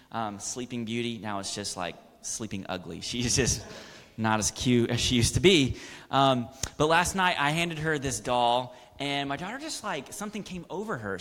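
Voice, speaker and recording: A man's voice: medium pitch, fairly bright tone. Preaching man in a reverberant hall. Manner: preaching with rising, emphatic bursts. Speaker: pastor. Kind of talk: sermon.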